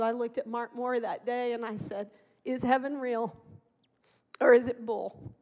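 A middle-aged woman with a high voice tells her story from the pulpit in an earnest, impassioned way. Her words ring out with a long reverb, as in a large hall. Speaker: speaker giving testimony. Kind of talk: sermon testimony. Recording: echoey hall.

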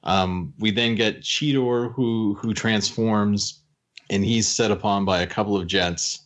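Low-voiced guy retelling a cartoon episode in detail, chatty, quotes the characters as he goes. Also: steady tone, fairly bright tone. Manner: retells the plot at length, drops into quick character quotes. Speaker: podcast host recapping episodes. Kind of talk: casual recap chat.

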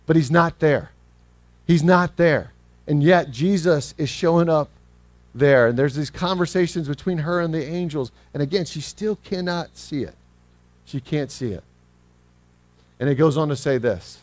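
A man preaching a sermon as pastor, earnest, reading scripture slowly and acting out the people in the story. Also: on the high side, no echo. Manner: earnest, acts out scripture quotes; slows down when reading scripture.

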